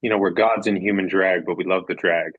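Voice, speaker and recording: Husky-voiced man, earnest and rambling. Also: sits low, fairly even intonation, fairly quick, no room sound, narrow, tinny audio. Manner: earnest, rambling, repeats phrases for emphasis. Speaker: podcast guest. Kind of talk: reflective casual conversation.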